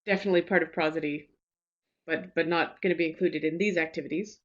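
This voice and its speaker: Woman giving a relaxed webinar talk. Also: deep voice, quick pace. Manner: relaxed, reassuring, with frequent fillers and restarts. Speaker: teacher trainer giving a webinar. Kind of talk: webinar presentation. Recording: slightly dull lo-fi webinar audio.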